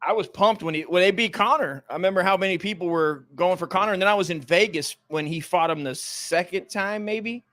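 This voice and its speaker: A man's voice: sits high, brisk, hardly any pauses, fairly bright tone. An American man co-hosting a casual comedy podcast, rambling and profane, trailing off mid-sentence. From United States. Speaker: co-host.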